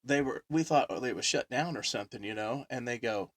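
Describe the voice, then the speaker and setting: A man hosting a podcast in casual chat, telling animated, rambling stories full of fillers. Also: mid-range voice, a little fast, dry recording, studio quality. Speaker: podcast host.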